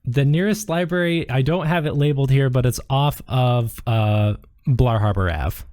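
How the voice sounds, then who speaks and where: A man's voice: mid-range voice, normal speed, a little mellow. Joking man running a tabletop game. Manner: loose, joking, full of fillers. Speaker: game master.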